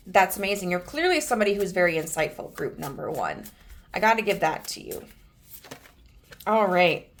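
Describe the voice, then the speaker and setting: A woman giving a pick-a-card tarot reading, gentle and earnest, with many fillers and restarts. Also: medium pitch, a little hiss or hum. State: emotional, near tears. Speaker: tarot reader.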